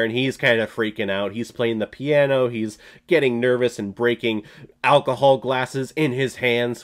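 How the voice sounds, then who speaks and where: A young man giving a casual, jokey spoken film review, laughing and sometimes bursting into loud shouted bits. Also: mid-range voice. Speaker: movie reviewer.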